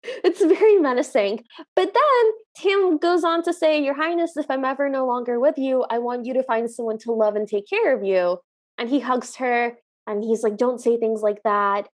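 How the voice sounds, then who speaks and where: A woman co-hosting a podcast, retelling a movie's plot in lively casual chat and acting out the lines. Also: fairly high pitch, moderate pace. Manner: animated, laughing, recaps scenes and acts out the lines. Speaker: podcast co-host.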